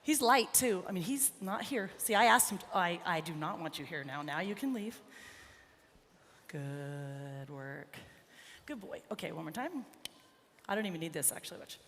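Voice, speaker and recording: With a low-leaning, fairly bright and expressive voice at a moderate pace, a woman trainer encourages her colt and talks to the audience in a live arena demo. The large indoor horse arena gives a reverberant sound with faint noise.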